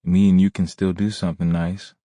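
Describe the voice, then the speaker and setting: A man's voice: low-pitched, flat delivery, brisk, warm tone, no echo, lightly acted. A man reading an audiobook, voicing an eager, affectionate young mother with a sweet, familiar manner. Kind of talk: audiobook character voice.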